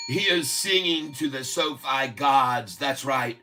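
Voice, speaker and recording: A man in his sixties from the South with a Southern accent, hosting a rambling livestream, loud and laughing, with rhymes thrown in. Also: medium pitch, takes it slowly, few pauses, heavy background noise. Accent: Southern American. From Southern United States. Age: 60s. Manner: boisterous, rhyming, laughing often. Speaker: livestream host. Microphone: webcam mic.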